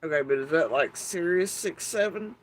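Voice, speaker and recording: In a rough recording with a little hiss or hum, a middle-aged YouTube commentator rambles to his viewers in a mid-range, unhurried voice. He's wry and profane, wandering along with plenty of fillers.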